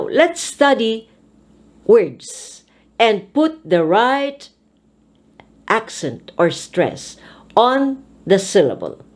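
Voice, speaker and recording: Woman speech teacher, pronunciation drills, very slow pace, lively pitch, repeats each phrase.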